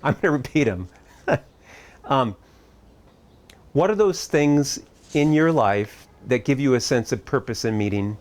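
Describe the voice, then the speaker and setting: A middle-aged man giving a reflective talk at a camp. His voice sits at an ordinary pitch. He speaks conversationally, posing thoughtful questions with a touch of humor. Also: expressive, a little slow, long pauses.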